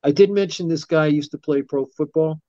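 A middle-aged man, a martial arts instructor, telling rambling, animated anecdotes in a casual interview and acting out what people said. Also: a little high, a little fast, no room sound. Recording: dull, dry lo-fi sound.

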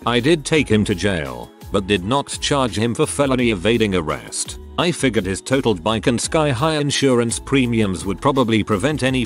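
A man reading reddit stories aloud in an even storytelling manner. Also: lowish voice. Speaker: narrator. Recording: faint background music.

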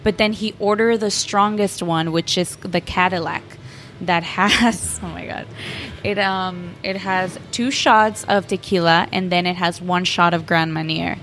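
A woman's voice: fairly low pitch, steady tone, measured pace, fairly bright tone, a little hiss or hum. A young woman from Mexico, the owner's daughter, chatting about her family's restaurant with lots of "like" and "um". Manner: chatty, frequent "like" and "um". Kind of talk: casual interview.

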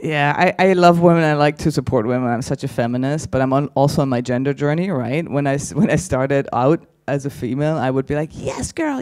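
On a conference stage, a stand-up comedian does crowd work, brash and teasing as he ribs the audience and swears freely. His voice sits at a medium pitch and sounds a little mellow.

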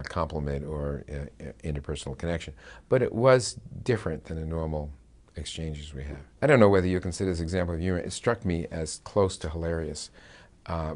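An older American former diplomat recounts a negotiation story in a dry, wry way, with frequent pauses and filler sounds. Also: male voice, a bass voice, darkish tone. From United States. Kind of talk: recounting a personal anecdote.

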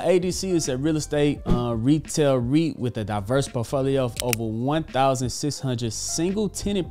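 A man hosting a casual finance video, upbeat and energetic with offhand asides. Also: medium pitch. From Texas. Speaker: host. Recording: faint background music.

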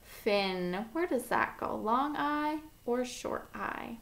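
Slow, deliberate kindergarten teacher. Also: female voice, on the high side, animated, a bit bright. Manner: slow, sound-by-sound enunciation with encouraging praise. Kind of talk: phonics lesson for young children.

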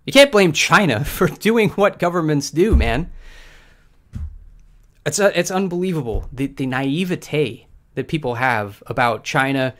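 A man hosting a podcast with livestream commentary, combative and sarcastic, dropping to mutters and then breaking into loud outbursts. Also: fairly high pitch, lively intonation, unhurried. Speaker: podcast host.

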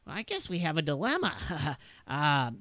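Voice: mid-range voice, huge pitch swings, normal speed, fairly bright tone, no room sound. A game master voicing a nervous, distrustful male scavenger boss who stammers and hesitates as he talks, in a tabletop game. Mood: wary.

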